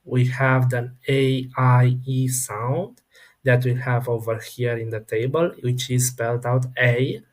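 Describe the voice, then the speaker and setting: A man teaching a French pronunciation lesson, talking slowly with many fillers and restarts and saying French words one at a time for the learner. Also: medium pitch, level tone. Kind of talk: unscripted online lesson.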